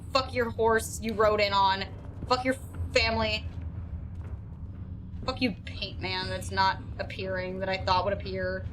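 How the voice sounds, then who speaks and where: Crude, high-voiced woman streaming a game. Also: creaky, a bit bright, a little hiss or hum, rough recording. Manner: crude, self-mocking, sings silly made-up lines. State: stressed. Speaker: streamer playing a horror game. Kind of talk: live gameplay commentary.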